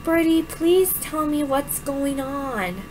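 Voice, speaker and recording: A woman commenting on a story game, expressive, giggly and melodramatic. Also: high voice, takes it slowly, slight background noise, poor audio. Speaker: gameplay commentator.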